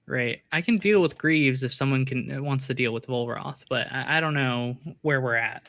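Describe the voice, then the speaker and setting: A man's voice: mid-range voice, moderate pace, fairly bright tone, no echo. A laid-back man in a casual online card game chat, poking fun at himself with small chuckles. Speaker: commander player.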